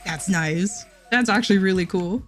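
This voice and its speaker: A woman's voice: mid-range voice, moderate pace, faint music behind. A woman livestreamer chatting casually with her chat, giggling often and restarting her sentences.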